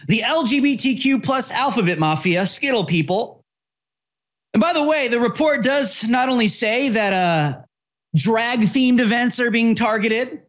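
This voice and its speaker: High-voiced ranting male host. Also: fairly bright tone, highs cut off. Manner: sarcastic, stammering repetitions, mock voices. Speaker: talk show host. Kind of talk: ranting commentary.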